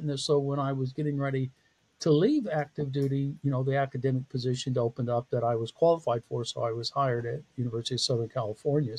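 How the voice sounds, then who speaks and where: A man with a slightly high yet darkish-toned voice speaks as a podcast guest. He's a psychology professor, and he shares his career story candidly, poking fun at himself and laughing a lot.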